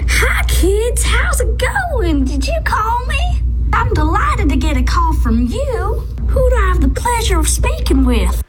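A man doing a falsetto Southern gentleman. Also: very animated, measured pace, heavy background noise, heavily acted. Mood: delighted. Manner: falsetto, exaggeratedly polite. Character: genteel, overly courteous Southern gentleman.

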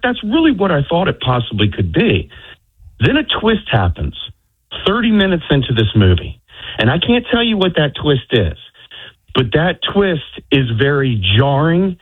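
A man calling into a radio show to chat and review a film, relaxed and conversational. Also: mid-range voice, husky. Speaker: phone-in contributor and film reviewer. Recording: tinny phone line.

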